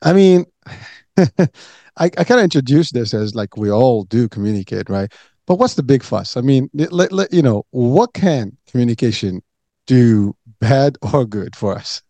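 A man's voice: medium pitch, expressive, unhurried, warm tone, no echo. A man hosting an interview, casual and full of fillers, laughing easily. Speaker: podcast host. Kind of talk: interview conversation.

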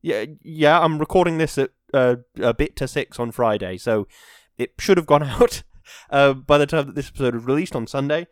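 A man's voice: mid-range voice, normal speed, no room sound. Chatty man, dry close mic. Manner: chatty and self-deprecating, with bursts of excitement. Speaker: podcast host. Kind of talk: rambling casual chat, then reading a story aloud.

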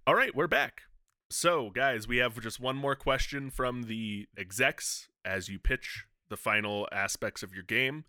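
A man hosting a comedy podcast segment, relaxed and amused as he sets up each pitch. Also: unhurried, no echo, clean studio sound. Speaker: podcast host.

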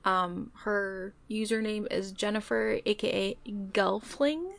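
A woman's voice: mid-range voice, slow pace, fairly bright tone. A woman co-hosting a podcast in casual chat, rambling with lots of "like" and "um". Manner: casual, fills with "like" and "um". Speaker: podcast co-host.

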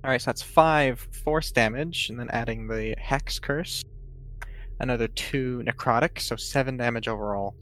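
A man plays a tabletop game with an eager, mid-pitched voice. He explains his spells and math step by step. His delivery is upbeat and engaged. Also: normal speed, a bit bright, low-quality recording. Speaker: player.

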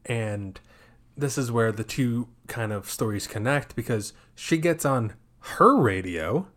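A man co-hosting a casual movie review podcast, retelling scenes in an animated way. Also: mid-range voice, slow pace. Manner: animated, acts out scenes in exaggerated voices. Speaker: podcast co-host.

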